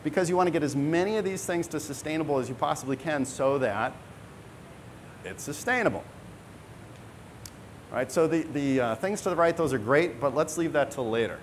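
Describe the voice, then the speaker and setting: A man's voice: on the high side, normal speed, pauses often, slight background noise. A man giving a conference talk, emphatic and conversational, often tagging his points with a questioning "right?". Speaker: conference speaker. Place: conference hall.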